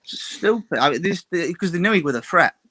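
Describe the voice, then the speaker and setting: A man chatting as a guest on a fan show, animated with quick restarts. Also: sits high. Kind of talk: casual chat.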